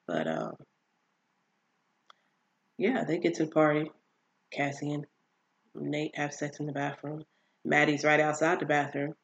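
A person casually recapping a TV series on their own channel, animated and exasperated, with emphatic asides and quick impressions of the characters. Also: medium pitch, creaky, highs cut off. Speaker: TV show recapper.

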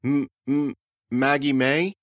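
Dude doing a frightened mysterious young woman, stuttering, quiet and dry. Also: medium pitch, fairly even intonation, dry recording, voice pushed up, natural voice. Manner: stammering, halting.

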